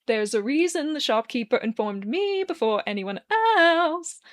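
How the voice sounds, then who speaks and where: A woman voicing an animated, playful young man who talks in a sing-song, mock-haughty way in a read-aloud fan story. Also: fairly high pitch, moderate pace, lightly acted. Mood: teasing.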